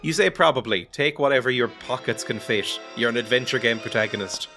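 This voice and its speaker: A man's voice: mid-range voice, a little fast, pushed and bright, soft background music. A man giving casual, sarcastic commentary while playing a video game, joking and laughing often. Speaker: let's play gamer.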